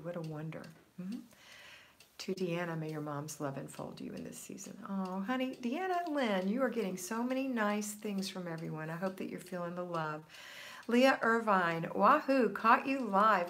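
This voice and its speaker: A woman's voice: on the low side, creaky, a little hiss or hum. Chatty older woman hosting a livestream. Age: 60s. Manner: chatty, friendly, reads viewer comments aloud. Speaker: livestream host. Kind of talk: casual live chat reading comments.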